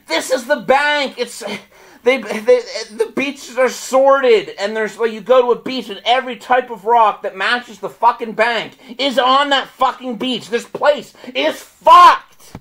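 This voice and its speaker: Swearing, high-voiced ranting man. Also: a little slow, poor audio. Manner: profane, rambling, repetitive, laughs in frustration. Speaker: vlogger. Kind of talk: angry ranting monologue.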